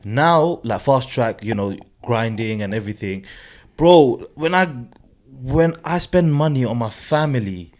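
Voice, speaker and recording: A man, co-hosting a casual podcast, relaxed, reflective and slangy. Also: mid-range voice, a little slow. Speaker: podcast co-host. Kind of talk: casual chat.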